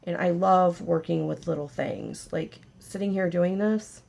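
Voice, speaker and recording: A woman's voice: on the low side, steady tone, a little slow, vocal fry, darkish tone. A woman hosting a casual paper craft tutorial, chatty and joking with her viewers as she works. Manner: chatty, jokey, talks to viewers while working.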